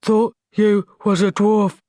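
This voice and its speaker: A woman voicing a huge, slow-witted male troll who speaks bluntly in a rumbling way in a storybook reading. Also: level tone, dark tone, no echo, clean studio sound, natural voice.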